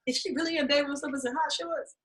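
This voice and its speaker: A middle-aged woman coaching a class, talking candidly and with lots of swearing as she tells lively stories and pitches her course. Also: fast, a crowd in the background, poor audio. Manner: candid and profane, animated storytelling. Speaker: acting and fundraising coach. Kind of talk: casual teaching pitch.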